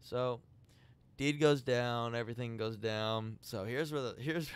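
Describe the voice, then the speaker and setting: A man's voice: medium pitch, unhurried, smooth. Young man telling a crude story. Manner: crude storytelling, acts out quoted lines. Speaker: podcast guest. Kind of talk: casual chat.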